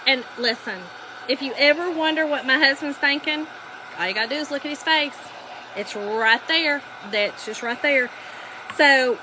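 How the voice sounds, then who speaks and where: With a voice that sits high and background noise behind her, a Southern-accented woman hosts a crafting livestream. It's casual chat: she tells stories and addresses her viewers as y'all.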